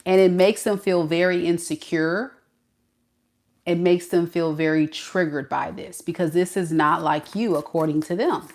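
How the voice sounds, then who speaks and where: A woman giving an animated tarot reading, often laughing and acting out what the other person is thinking. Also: lowish voice, moderate pace. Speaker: tarot reader.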